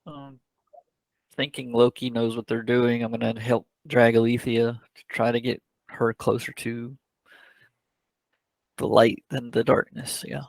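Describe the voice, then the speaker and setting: A man playing a tabletop game, describing his character's actions and cracking jokes. His voice is gravelly, with a mid pitch. The recording is dry and close. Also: little pitch movement, a little slow, long pauses, a little mellow, no echo, low-quality recording. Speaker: player.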